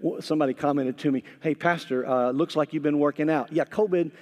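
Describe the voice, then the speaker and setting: A middle-aged man preaching a sermon as pastor, talking conversationally with many repeated words and bursts of animated emphasis. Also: fairly high pitch, a little fast. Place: church. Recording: long hall reverb.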